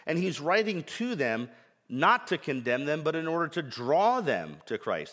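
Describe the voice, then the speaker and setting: A man's voice: mid-range voice, fairly bright tone, long reverb tail. A man preaching a sermon with earnest emphasis and frequent rhetorical questions. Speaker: pastor.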